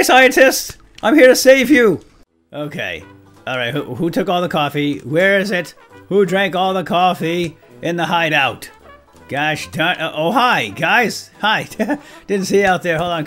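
A man hosting a let's play, talking over his game in a bright, upbeat register. His voice swings widely, from low muttered asides to high whooping outbursts, and he chuckles often as he jokes along. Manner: excitable, jokey, with frequent chuckles and whooping outbursts. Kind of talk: playful gameplay commentary.

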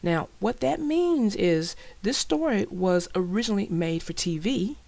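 Woman reading a kids' book aloud, slow, lively pitch, a little gravelly. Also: dry recording. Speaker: storybook narrator.

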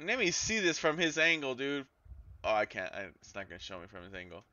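A man commentating his own football video game as he plays, excitable and swearing, yelling at his players and groaning at their mistakes. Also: mid-range voice, fairly quick, dry recording, highs cut off. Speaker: gaming YouTuber. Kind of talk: live gameplay commentary.

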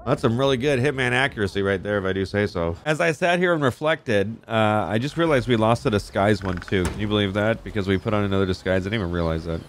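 Excitable, foul-mouthed man with a low voice. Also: quick pace, few pauses, a little hiss or hum. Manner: excitable, profane, jokey, talks to game characters. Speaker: gaming YouTuber. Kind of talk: gameplay commentary.

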